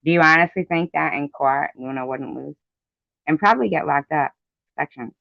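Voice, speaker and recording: This is a commentary vlogger's angry, profane rant, indignant and circling back on itself. He speaks at a moderate pace in a creaky, slightly high voice, and the recording is dry, dull and lo-fi.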